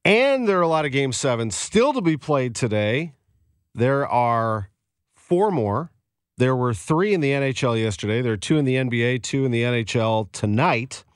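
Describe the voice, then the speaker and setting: Energetic sports radio host. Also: male voice, medium pitch, normal speed, clean tone, no room sound, clean studio sound. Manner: energetic, indignant, animated. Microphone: studio microphone.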